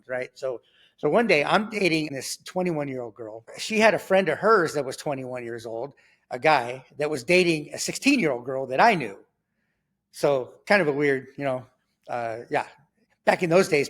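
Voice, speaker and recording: A middle-aged man telling his life story as a testimony, acting out dialogue with many fillers and restarts. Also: medium pitch.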